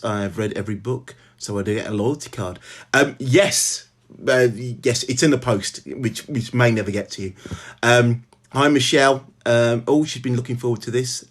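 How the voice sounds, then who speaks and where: A middle-aged man with a Birmingham accent hosts a casual live stream at home, greeting viewers by name in a halting way, with lots of ums and restarts. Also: mid-range voice. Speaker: author hosting a live stream.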